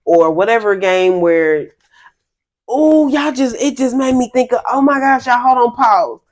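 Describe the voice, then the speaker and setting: A woman's voice: a little high, measured pace. Chatty woman giving a spiritual reading. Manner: rambling, chatty, laughs often; addresses viewers as y'all. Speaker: spiritual reader. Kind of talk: casual spiritual reading to viewers.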